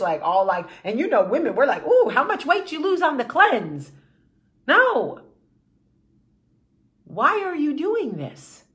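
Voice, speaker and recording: Female vlog host, high bright voice, blunt and emphatic, swears freely. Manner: emphatic, blunt, profane, repeats rallying phrases. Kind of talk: impassioned opinion monologue.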